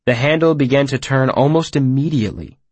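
A man narrating first-person fiction in a measured, expressive storytelling manner, on a close mic. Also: medium pitch, dry recording. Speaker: audiobook narrator.

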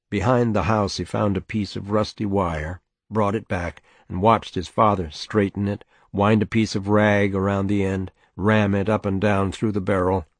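A man narrates a short story in a steady, measured reading. His voice is deep and low. The sound is dry and close, with no room echo.

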